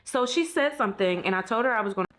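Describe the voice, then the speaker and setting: A woman's voice: on the high side, lively intonation, very fast, a bit bright, a little hiss or hum. Candid woman vlogging from a hotel bed. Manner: candid, heartfelt, many "like" fillers. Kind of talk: casual reflective vlog talk. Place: hotel room, sitting in bed. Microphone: compact vlog camera.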